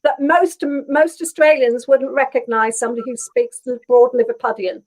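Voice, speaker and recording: A woman with a soft Norfolk English accent speaks as a guest on a video call. Her voice sits a little high, and she talks in a chatty, thoughtful way, pausing on fillers as she gathers her thoughts. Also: steady tone, low-quality recording. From England, Norfolk. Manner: chatty, thoughtful, many ums. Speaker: textile artist guest. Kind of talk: casual video call interview.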